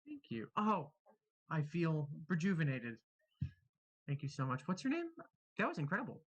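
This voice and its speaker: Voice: medium pitch, big pitch swings, a little fast, a little mellow, dull audio. A player voicing a melodramatic male adventurer in a tabletop game, with overacted, theatrical outbursts. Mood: grateful. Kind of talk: tabletop game role-play.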